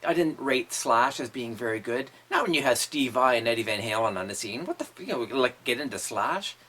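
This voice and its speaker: A man's voice: medium pitch, lively intonation, a little fast, a bit bright, slight background noise. A man in his fifties, a musician hosting his own show, telling crude, profanity-laced stories with frequent laughter. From Canada. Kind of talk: casual storytelling monologue.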